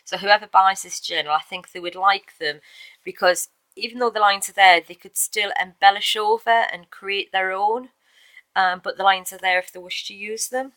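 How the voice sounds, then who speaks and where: In this casual show-and-tell video, a woman presents a journal she made by hand, talking chattily with fillers and little self-corrections. Her mid-range voice is pushed and bright with fairly even intonation at a normal speed, and the low-quality recording has no room sound.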